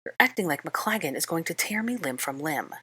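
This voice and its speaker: Woman reading as a brisk exasperated young witch. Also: deep voice, expressive, pushed and bright, breathy edge, dry recording, heavily acted.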